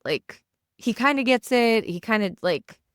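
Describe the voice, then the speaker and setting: A woman in her thirties co-hosting a podcast, talking casually in a halting way full of fillers and restarts, recorded at home in a basement. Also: a little high, lively intonation, fairly bright tone, clean tone, no room sound, clean studio sound. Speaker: podcast co-host. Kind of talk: casual chat.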